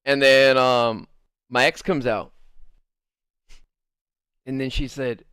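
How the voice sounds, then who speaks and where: A man's voice: mid-range voice, fairly even intonation, takes it slowly, fairly bright tone, smooth, no echo, studio quality. A young man streamer telling a personal story in casual chat, rambling with lots of fillers and the odd swear. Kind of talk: casual storytime while gaming.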